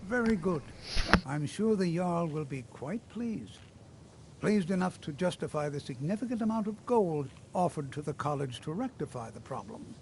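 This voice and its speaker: A courteous mage official. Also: male voice, on the high side, animated, normal speed, noisy background. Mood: formal. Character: formal male mage official of a college. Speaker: game character.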